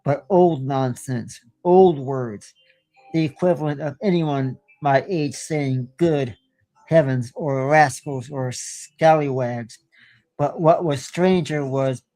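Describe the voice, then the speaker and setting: A man tells a horror story as host of his own show, unhurried and deliberate, with the odd stumble. His voice is mellow and of middling pitch. The sound is dry and close to the mic. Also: fairly even intonation, dry recording. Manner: slow, deliberate telling with small stumbles.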